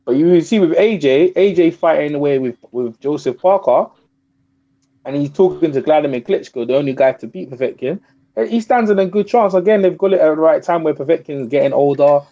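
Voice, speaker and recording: A man calling in to a boxing talk show, talking fast, repeating himself and pressing his point. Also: a little high, lively intonation, mellow. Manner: rapid, repeats himself, talks over others. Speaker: guest on a boxing call-in show. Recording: muffled lo-fi call audio.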